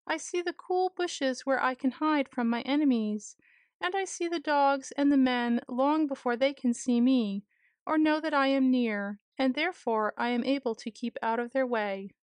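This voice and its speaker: A woman gives voice to a timid, gentle male rabbit from a storybook. He speaks softly and earnestly, in a high, light voice. The sound is close and dry. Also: moderate pace, no room sound, lightly acted. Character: shy gentle male rabbit, small and polite.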